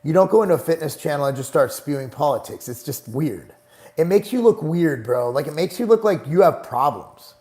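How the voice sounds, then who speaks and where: A man's voice: on the high side, lively intonation, brisk, a little mellow. A middle-aged man hosting a casual live stream, reading chat questions aloud and answering them bluntly, swearing freely and getting exasperated. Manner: blunt, profane, gets heated and exasperated.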